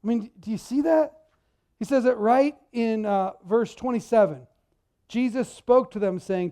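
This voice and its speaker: Speaking from a church pulpit, a male pastor sermonizes in an energetic, conversational way with lots of repeated words. He has a very high voice and talks a little slowly.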